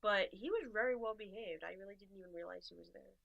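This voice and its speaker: A woman's voice: mid-range voice, fast talker, creaky, muffled recording. A young American woman co-hosting a podcast, telling a travel story in casual chat and acting out the dialogue. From USA. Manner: chatty storyteller, acts out dialogue in quoted voices. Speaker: podcast co-host.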